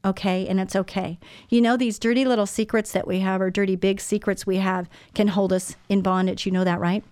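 A woman's voice: mid-range voice, steady tone, a little fast, a little mellow, no echo. A woman in her sixties hosting a Christian radio talk show, speaking earnestly and personally to her listeners. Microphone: studio microphone.

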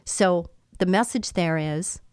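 A woman's voice: on the low side, takes it slowly, clean tone, no room sound, clean studio sound. Earnest woman giving a faith-filled talk. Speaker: business owner and coach. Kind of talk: motivational talk.

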